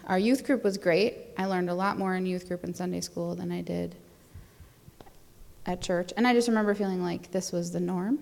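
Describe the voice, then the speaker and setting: A woman's voice: on the low side, fairly even intonation, normal speed, creaky, darkish tone, big-room sound. A young adult woman chatting casually as a guest, rambling with fillers and little laughs. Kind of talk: casual conversation.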